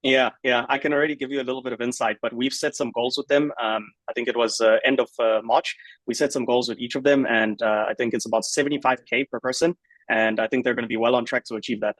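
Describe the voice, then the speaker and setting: A man interviewing a client over a video call, asking measured questions with frequent "uh" hesitations. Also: mid-range voice, steady tone, fairly bright tone, no room sound, poor audio. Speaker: host, sales agency founder.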